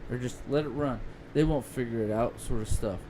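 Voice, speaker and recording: A man's voice: medium pitch, fairly quick. A man co-hosting a podcast in casual chat, rambling and opinionated. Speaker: podcast co-host. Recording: noticeable background noise.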